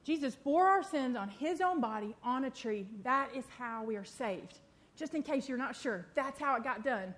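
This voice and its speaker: Quick-talking woman preaching. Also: high voice, lively intonation, fairly bright tone. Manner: quick, chatty and self-deprecating. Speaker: speaker at a church event. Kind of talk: sermon teaching with prayer.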